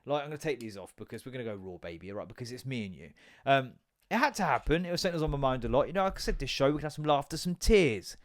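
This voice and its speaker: A young man hosting his own podcast, rambling and joking with lots of swearing and sudden loud bursts. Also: mid-range voice, lively intonation, racing. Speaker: podcast host. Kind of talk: casual solo podcast rant.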